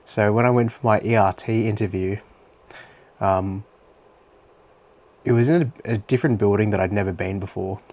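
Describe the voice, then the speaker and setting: A man's voice: lowish voice, normal speed, long pauses, darkish tone. A young Australian man talking through his day in a chatty, rambling diary-style monologue full of fillers. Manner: rambling and chatty, with many fillers and some swearing. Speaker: vlogger.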